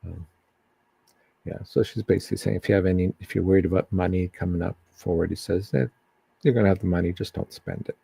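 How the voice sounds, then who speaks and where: Low gravelly guy doing a casual psychic reading on stream, lots of ums, dark husky voice. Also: fairly even intonation, dry recording. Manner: halting, many ums and restarts.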